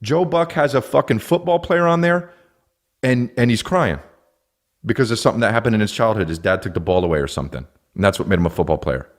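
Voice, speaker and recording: A man in his thirties hosting a podcast, ranting comedically with lots of swearing and quick put-on voices. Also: lowish voice. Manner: profane, animated, acts out silly voices. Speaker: podcast host. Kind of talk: comedic rant.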